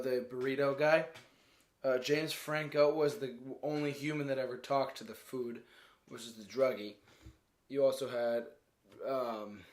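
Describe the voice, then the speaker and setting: A man giving a casual, rambling movie review, often stopping to search for words and laughing as he goes. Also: mid-range voice. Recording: roomy echo.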